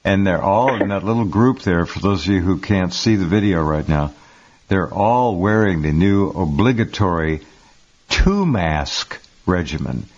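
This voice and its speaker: Radio host, low and lively, exclamatory; muffled lo-fi sound. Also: male voice, a little slow. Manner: incredulous, exclamatory. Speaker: radio talk show host. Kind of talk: talk radio commentary.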